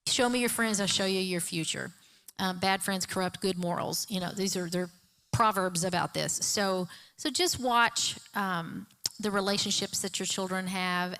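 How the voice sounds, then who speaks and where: A woman pastor with a Southern US accent preaches in an earnest, folksy way, slipping in quick asides. Her voice is bright and clear and sits in a middle range. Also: mid-range voice. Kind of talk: sermon.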